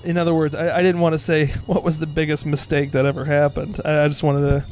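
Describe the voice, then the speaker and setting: A man's voice: a little high, little pitch movement, fast, a little mellow, soft background music. A man hosting a casual movie commentary, making wisecracks about the film and asking his guest questions. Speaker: commentary host.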